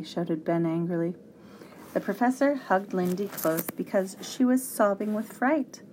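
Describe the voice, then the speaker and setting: A woman narrating a children's storybook aloud with an expressive read-aloud delivery. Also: medium pitch, measured pace, slight background noise.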